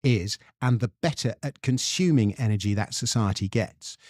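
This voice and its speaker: An English man talking as an animated storyteller, explaining history to his host. His voice sits at an ordinary middle pitch. The sound is dry and close, with no room echo. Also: normal speed. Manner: animated storyteller, reads quotes aloud. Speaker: guest author.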